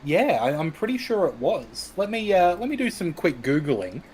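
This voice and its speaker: A man's voice: a little high, big pitch swings, normal speed, a little mellow, husky. An Australian man co-hosting a wrestling podcast, steering the talk and reading out comments from the chat. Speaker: podcast co-host.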